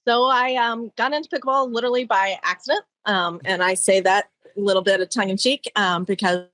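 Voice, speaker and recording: A woman guest on an interview show, talking in a relaxed, friendly way from outdoors. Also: medium pitch, a little fast. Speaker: guest, pickleball club owner. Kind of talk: casual interview. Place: outdoors by her courts.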